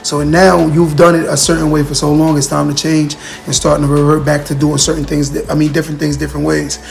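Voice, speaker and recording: A man's voice: on the high side, little pitch movement, quick pace, creaky. A man giving a casual motivational talk on a livestream, earnest and repetitive, talking straight to his viewers and answering their comments.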